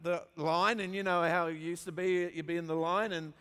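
A man's voice: on the high side, flat delivery, normal speed, sharp tone, clean tone. A man with an Australian accent preaching a sermon, telling funny stories from his youth and building up with emphatic repetition. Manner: storytelling with humor, emphatic repetition. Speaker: pastor. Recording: long hall reverb.

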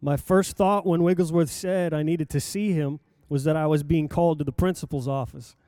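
Older man, preacher, sermon story, slightly high voice, smooth and warm, dry close sound. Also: normal speed, no echo. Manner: lively anecdotal telling with acted quotes.

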